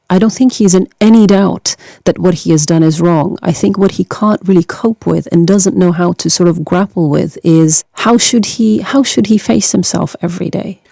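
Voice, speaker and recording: A woman from Norway speaks as a documentary filmmaker in an interview, with a gravelly, dark tone. Her answers are measured and reflective. The sound is dry and close. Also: lowish voice, dry recording. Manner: measured, reflective, with some stammered restarts.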